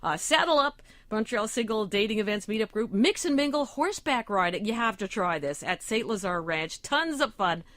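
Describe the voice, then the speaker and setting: A woman's voice: mid-range voice, animated, normal speed, hardly any pauses, a bit bright, no echo, studio quality. Cheerful female radio co-host. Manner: cheerful, reads event listings. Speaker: guest co-host. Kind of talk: casual radio chat. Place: radio studio.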